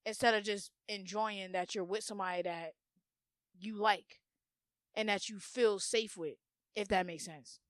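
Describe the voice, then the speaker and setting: A young woman hosting a solo podcast, talking candidly in profane slang, dropping to hushed murmurs, then bursting out loud, and repeating words in rhythmic runs. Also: mid-range voice, moderate pace, no echo, clean studio sound. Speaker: podcast host.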